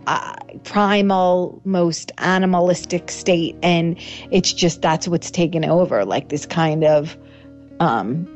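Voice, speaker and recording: A woman with a New York accent, a guest in a casual interview, talking in an animated way, laughing often and acting out her old lines. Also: lowish voice, takes it slowly, faint music behind. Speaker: actress guest.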